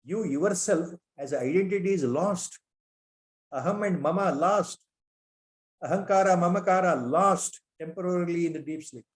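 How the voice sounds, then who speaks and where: A man's voice: sits high, normal speed. A man with an Indian English accent giving a spiritual lecture on scripture, repeating rhetorical questions and weaving in Sanskrit terms.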